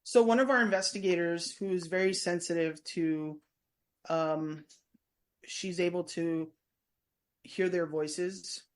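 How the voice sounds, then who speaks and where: A woman's voice: fairly low pitch, steady tone, takes it slowly. Chatty woman rambling through stories. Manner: chatty, meandering, full of restarts. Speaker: guest, former prison staff member and tour guide. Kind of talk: casual storytelling in a podcast interview.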